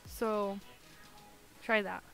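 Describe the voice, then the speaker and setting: A woman streaming a game, chatting to viewers in an excitable, chatty way and laughing often. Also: medium pitch, extremely slow, gravelly, faint music behind. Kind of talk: casual live-stream gaming chat.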